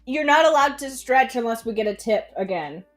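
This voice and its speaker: A woman's voice: on the high side, expressive, a little fast, soft background music. A woman co-hosting a live stream, reading out requests and teasing her partner. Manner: teasing, dry. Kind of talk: casual live-stream chat.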